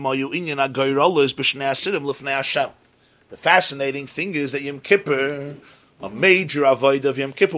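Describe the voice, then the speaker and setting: High, bright-voiced man teaching Torah. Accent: Ashkenazi Hebrew pronunciation. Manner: mixes Hebrew and Yiddish-accented terms into English, repeats and rephrases. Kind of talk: Torah class explanation.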